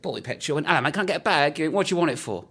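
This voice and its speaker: Fast-talking cheeky man. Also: a little high, lively intonation, a bit bright, slightly rough. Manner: cheeky storyteller, quick banter. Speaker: podcast host. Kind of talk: casual chat.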